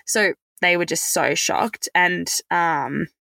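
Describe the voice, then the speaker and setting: Chatty woman with gravelly fry. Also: on the low side, slow, pushed and bright, no room sound. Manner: chatty, many fillers like "like" and "um". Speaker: podcast guest. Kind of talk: casual conversational storytelling.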